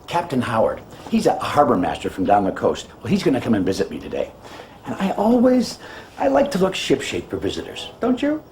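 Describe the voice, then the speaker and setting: A man's voice: medium pitch, huge pitch swings, brisk, background noise. Give me a man hosting a children's show, chatting playfully to the viewers. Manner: friendly, playful, talks to camera. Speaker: show host, harbour master.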